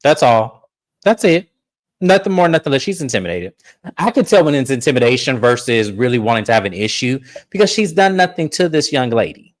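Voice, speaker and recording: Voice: medium pitch, sing-song, brisk, no room sound. A recap show host in casual chat, blunt and opinionated, with loose slangy phrasing. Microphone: streaming setup.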